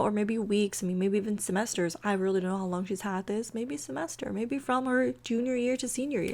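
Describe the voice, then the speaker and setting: Brief: woman storyteller, casual and rambling, narrating her game characters' drama. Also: mid-range voice. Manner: rambling, full of fillers. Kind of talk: casual storytelling over gameplay.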